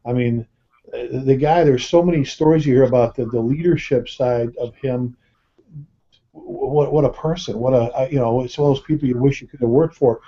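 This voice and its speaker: A man's voice: mid-range voice, steady tone, normal speed, mellow. A male host of a panel talk who stammers and repeats words as he starts his questions. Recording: muffled lo-fi web call audio.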